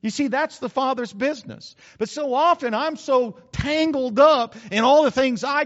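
A man's voice: extremely high pitch, expressive, moderate pace, few pauses, fairly bright tone, muffled recording. A man preaching a sermon, folksy and conversational, slipping into acted asides. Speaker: pastor.

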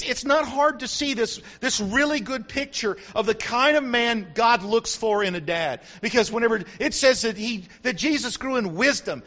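High-voiced older preacher, lo-fi sound. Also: male voice, pushed and bright. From United States. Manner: preaching with repetition and rising emphasis. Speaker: pastor. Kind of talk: sermon.

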